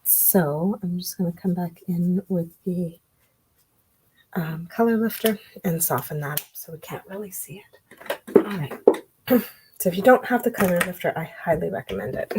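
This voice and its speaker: A woman giving a relaxed card-making tutorial, chatting and thinking aloud as she works. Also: on the low side, a little slow, pauses often, breathy edge, poor audio. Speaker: craft demonstrator.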